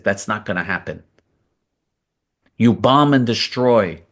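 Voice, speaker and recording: Pitched fairly low with a bit of brightness, this political show host delivers a combative, blunt monologue. Emphatic and repetitive, he doubles phrases to hammer them in.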